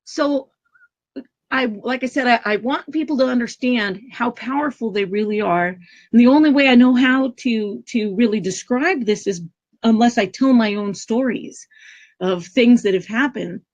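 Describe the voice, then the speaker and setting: A woman's voice: fairly high pitch, normal speed. Earnest middle-aged woman telling a story. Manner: earnest, animated storytelling with lively quoted voices. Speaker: guest speaker on prayer and intention. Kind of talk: casual storytelling interview. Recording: dull lo-fi call audio.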